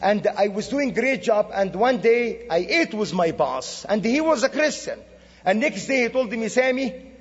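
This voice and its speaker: A high-voiced man from the Middle East delivers a sermon, telling stories with animated, acted-out dialogue. His voice is slightly husky and rings with the long reverb of a church hall. The recording itself sounds dull and lo-fi. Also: a little slow. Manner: animated storytelling with quoted dialogue. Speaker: guest speaker. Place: church sanctuary.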